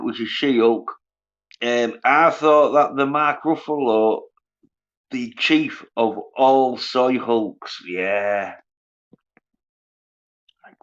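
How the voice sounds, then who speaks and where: A man, ranting scornfully and profanely on a casual livestream while reading viewers' comments. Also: medium pitch. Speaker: livestream host. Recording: dull lo-fi sound.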